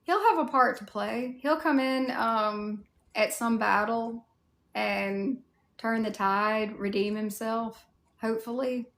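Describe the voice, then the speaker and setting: A woman's voice: a little high, takes it slowly, fairly bright tone. A woman with a Southern US accent chatting casually on a livestream, answering viewer comments in a candid way with mild swearing. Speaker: cosplay livestreamer.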